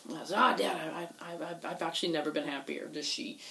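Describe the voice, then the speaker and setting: A woman telling a personal story in casual conversation, halting with many fillers and restarts. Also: sits low, vocal fry, fairly bright tone, rough recording. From Texas. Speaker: guest telling a coming-out story.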